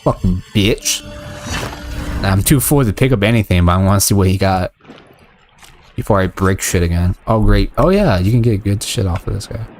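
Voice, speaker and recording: A man's voice: lowish voice, normal speed, darkish tone, faint music behind. A man casually commenting while he streams a video game. He swears a lot, rambles and gets fired up easily.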